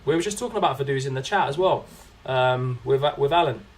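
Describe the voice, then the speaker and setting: Speaking a little fast in a mid-range voice, this young man livestreams his own gameplay and comments on it casually. He reacts to what happens on screen, reads viewer messages out loud and replies to them in a chatty way.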